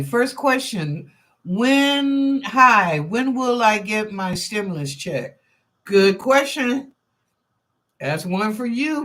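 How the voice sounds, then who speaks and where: Slow, chatty woman giving psychic readings. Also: mid-range voice, lively intonation, a bit bright. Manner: chatty and informal, thinks aloud, repeats phrases. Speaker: psychic reader and show host. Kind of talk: live-stream psychic readings, answering chat questions.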